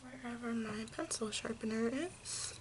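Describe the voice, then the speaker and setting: A woman giving a makeup tutorial, explaining each step slowly and gently, with frequent fillers. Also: fairly high pitch, noisy background. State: hiccups. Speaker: makeup vlogger.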